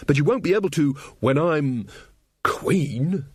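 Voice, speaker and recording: A man's voice: fairly high pitch, animated, measured pace, slightly rough, dry recording, clean studio sound, pitched above the performer's own voice. A man doing a snappy young witch woman. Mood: indignant. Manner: snappy, indignant. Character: touchy young female witch, indignant.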